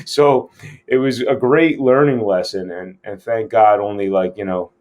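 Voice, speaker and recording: A man's voice: fairly low pitch, unhurried, darkish tone. A man giving a casual scene-breakdown lesson as an acting coach, speaking frankly and with plenty of profanity.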